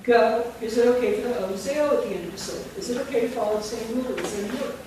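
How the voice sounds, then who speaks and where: A woman's voice: fairly high pitch, rapid-fire, warm tone. Female workshop instructor, quizzing and dictating; distant mic, echoey room, noisy. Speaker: teacher trainer. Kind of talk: teacher training workshop. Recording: very echoey room from far off, with noise.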